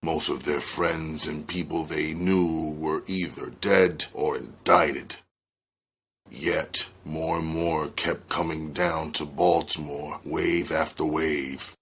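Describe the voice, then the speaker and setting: A man reading an audiobook aloud in a slow, measured narration. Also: deep voice, a bit bright, husky. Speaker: audiobook reader.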